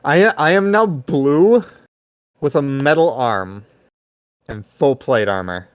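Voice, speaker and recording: Man, slow-paced, smooth, lowish voice, dry close sound. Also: animated, no echo. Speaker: player. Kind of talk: playing a tabletop game.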